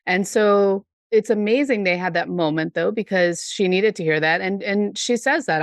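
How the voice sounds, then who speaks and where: Woman, podcast co-host, gravelly, reflective, casual chat. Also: mid-range voice, moderate pace, hardly any pauses, no room sound, clean studio sound. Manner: reflective, thoughtful, says "like" and "right?" often. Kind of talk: casual discussion of a TV show.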